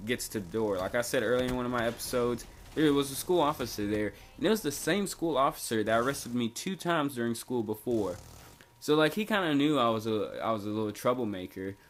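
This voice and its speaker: Young male vlogger, mid-pitched, loose slangy storytelling full of restarts, light hiss behind. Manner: rambling, slangy, many fillers and restarts. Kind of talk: casual storytime.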